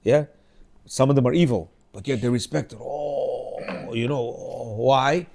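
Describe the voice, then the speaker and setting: A man's voice: mid-range voice, measured pace, creaky. A man in his fifties teaching an informal religious class, telling stories and acting out the dialogue. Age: 50s. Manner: animated storyteller, acts out dialogue in changing voices; asks listeners rhetorical questions.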